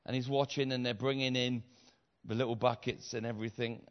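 Animated preacher telling a story. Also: male voice, mid-range voice, brisk. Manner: animated storyteller acting out voices, repeats phrases, builds to shouts. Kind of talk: sermon storytelling. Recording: slightly dull lo-fi sound.

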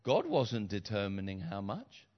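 Man, middle-aged, preacher, animated sermon storytelling, repeats phrases, dull lo-fi sound. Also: on the low side, a little slow. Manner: animated storyteller acting out voices, repeats phrases, builds to shouts.

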